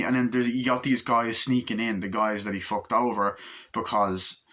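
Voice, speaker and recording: A young man in his twenties chats about a film in a loose, rambling and excited way, dropping swear words into nearly every sentence. His voice sits on the low side but sounds bright and forceful. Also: normal speed. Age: 20s. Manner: rambling, enthusiastic, heavy swearing. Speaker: movie reviewer. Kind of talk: casual chat.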